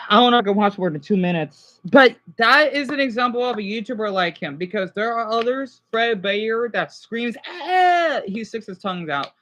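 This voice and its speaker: A male streamer talks through a rambling reaction session in a bright, sharp-edged voice. He stammers, restarts his thoughts and apologizes again and again. Underneath it all he sounds stressed and overwhelmed. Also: sits high, normal speed. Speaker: livestreamer. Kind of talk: rambling livestream reaction commentary.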